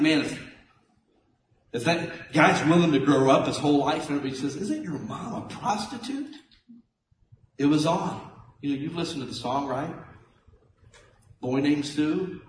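A middle-aged man preaching a sermon as a pastor, animated and folksy, swinging between loud and soft. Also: mid-range voice, a little hiss or hum. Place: church sanctuary. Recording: echoey church hall from a distance.

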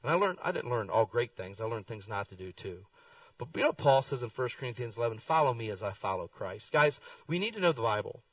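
A middle-aged man preaching a sermon, telling folksy stories with lively swings in his voice. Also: medium pitch, fast talker, no room sound, far from the mic, low-quality recording. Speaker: pastor. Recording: dry sound, speaker away from the mic.

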